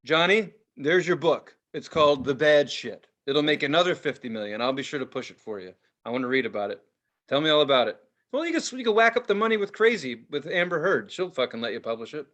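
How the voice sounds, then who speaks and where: A man on a casual podcast, talking in a high voice that swings wildly up and down. He rants in an animated, profane way, with lots of cursing and exaggerated outbursts. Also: quick pace, muffled recording. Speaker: podcast co-host. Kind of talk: casual chat.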